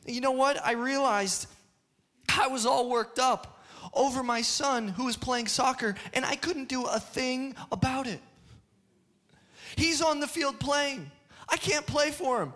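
Pastor, man in his thirties, high bright voice, lively storytelling sermon with bursts of shouting. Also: a little slow. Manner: animated storytelling, restarts, shouts in excitement. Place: church hall before a congregation.

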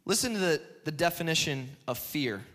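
High, bright-voiced man preaching a sermon. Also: moderate pace, a little hiss or hum. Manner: animated storytelling, restarts, shouts in excitement. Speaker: pastor. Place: church hall before a congregation.

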